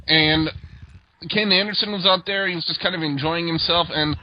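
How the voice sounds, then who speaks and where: A man's voice: on the high side, fairly even intonation, moderate pace. Man recapping wrestling on a lo-fi podcast. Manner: rambling recap with many fillers. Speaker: host. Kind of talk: casual wrestling review chat. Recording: dull lo-fi podcast audio.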